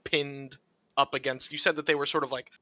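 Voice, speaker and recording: Bright-voiced man playing a tabletop game. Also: mid-range voice, little pitch movement, brisk, no room sound. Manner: thinking aloud, hesitant restarts. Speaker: player. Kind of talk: casual tabletop game play.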